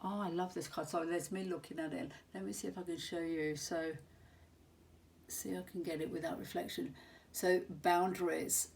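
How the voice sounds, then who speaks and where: Low-voiced woman giving a tarot reading. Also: fairly even intonation, normal speed, vocal fry, a little mellow, husky. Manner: earnest, meandering, searches for words aloud. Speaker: tarot reader. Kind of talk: monthly tarot reading for viewers.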